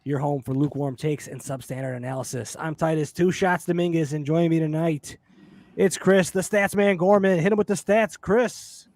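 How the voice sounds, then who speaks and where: A man hosting a casual sports podcast, joking and upbeat as he introduces his co-hosts. His voice sits a little high, and the sound is dry and close, as over a video call. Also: moderate pace, darkish tone, no echo. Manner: jokey, upbeat emcee. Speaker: podcast host.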